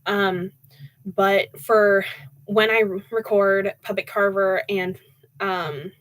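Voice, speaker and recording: A woman's voice: mid-range voice, fairly even intonation, slow, low-quality recording. Chatty young woman reading aloud. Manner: chatty, with fillers and laughs between reading. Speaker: audiobook reader and streamer. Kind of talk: casual live-stream chat and storybook narration.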